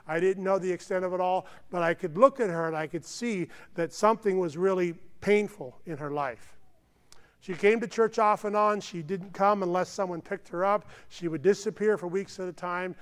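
A man's voice: high-pitched, moderate pace, clean tone. A man preaching a sermon as pastor, earnest and emphatic, often tossing in "okay" asides. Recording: long hall reverb.

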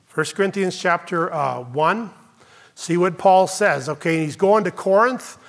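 A man's voice: high voice, measured pace, vocal fry, fairly bright tone. A man preaching a sermon as pastor to his congregation, emphatic and stressing each phrase. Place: church sanctuary with congregation.

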